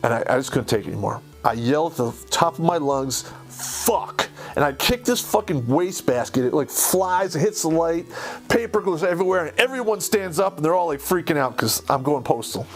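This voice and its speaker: A man, an army veteran, telling a story of his own service in a heated, profane, animated way. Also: a little high, a little fast, faint music behind. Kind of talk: casual storytelling.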